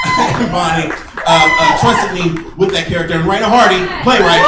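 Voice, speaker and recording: A man's voice: fairly high pitch, very noisy. A man gives an unprepared, emotional acceptance speech as an award-winning stage actor, laughing and rambling as he thanks people. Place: theater hall before a live audience. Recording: echoey hall, distant mic, loud crowd.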